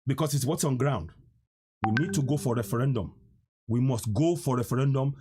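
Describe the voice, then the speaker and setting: A man's voice: mid-range voice, brisk, a little mellow, husky. A man with a Nigerian accent, hosting a political livestream and mixing Pidgin with English, repeating himself to drive his point home. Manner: preachy, repeats lines, mixes Pidgin and English. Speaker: livestream host.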